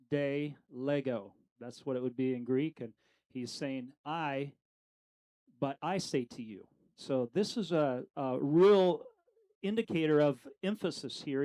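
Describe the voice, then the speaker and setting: A man's voice: on the high side, dark tone, rough recording. A middle-aged man leading a casual Bible study, talking conversationally with lots of fillers and questions to the group.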